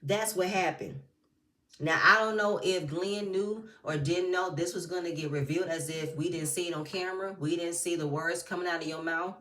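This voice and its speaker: A woman with a lowish voice tearing into a reality show reunion in blunt, cussing commentary. She sounds a little away from the mic in an echoey room. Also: fairly even intonation, normal speed, fairly bright tone, recorded from a distance. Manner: blunt, profane, heated. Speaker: reality TV recap YouTuber. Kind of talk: casual commentary.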